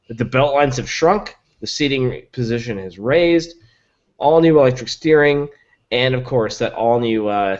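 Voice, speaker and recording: A man's voice: mid-range voice, lo-fi sound. A man talking in a casual podcast chat as a guest reviewer, enthusiastic and filling his talk with likes and ums. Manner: enthusiastic, rattles off specs with many likes and ums.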